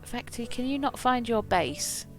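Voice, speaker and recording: A woman's voice: fairly high pitch, a little slow, soft background music. Rambling woman streamer. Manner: rambling, animated, laughs often, self-corrects. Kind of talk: casual storytelling while gaming.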